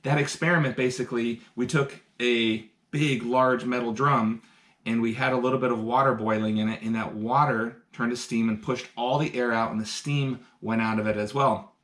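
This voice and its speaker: A man's voice: mid-range voice, fairly even intonation, normal speed, fairly bright tone. A man hosting a live-streamed science lesson, upbeat and talking straight to his viewers. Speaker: science educator.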